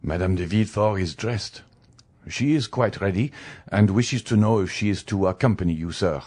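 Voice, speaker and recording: A man voicing a deferential valet who speaks politely and quietly. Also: fairly low pitch, moderate pace, close to an everyday voice. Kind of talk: audiobook character reading.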